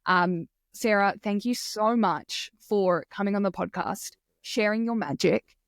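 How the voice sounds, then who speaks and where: A woman's voice: mid-range voice, measured pace, clear, resonant tone, no echo, studio quality. A woman hosting a podcast, gushing with enthusiasm as she thanks her guest. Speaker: podcast host. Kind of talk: casual interview talk.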